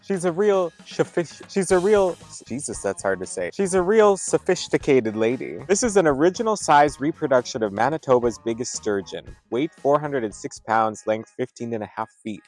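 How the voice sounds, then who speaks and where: A man's voice: mid-range voice, lively intonation, normal speed, hardly any pauses, soft background music. A man hosting a comedy travel show, delivering pun-heavy mock tourism patter outdoors with a goofy, over-the-top showman manner. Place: outdoors at roadside attractions.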